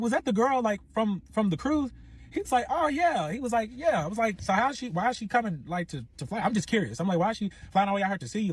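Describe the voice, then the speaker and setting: A man's voice: mid-range voice, slightly rough, dry recording. A young man, casually telling a personal story, acting out the other people's lines and swearing a lot. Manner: animated, acts out quoted voices, slangy, swears a lot. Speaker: storytime podcast host.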